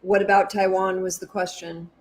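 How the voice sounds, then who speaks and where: A woman on a radio show who reads out listener questions in a hesitant, halting way. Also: medium pitch, little pitch movement, slight background noise.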